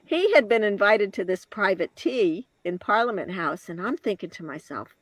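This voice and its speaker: A woman in her later years, a guest telling a personal story in an interview, reflective and halting, with restarts and soft laughs. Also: mid-range voice, animated, no echo.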